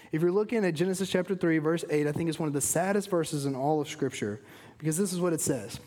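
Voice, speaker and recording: High-voiced man preaching a sermon. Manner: earnest, drops low and quiet on solemn points. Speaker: pastor.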